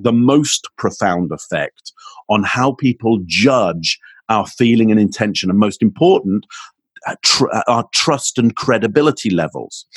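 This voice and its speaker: A man's voice: on the low side, husky, no room sound. A man being interviewed as a communications expert, explaining his ideas and demonstrating tones with his own voice. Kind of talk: podcast interview.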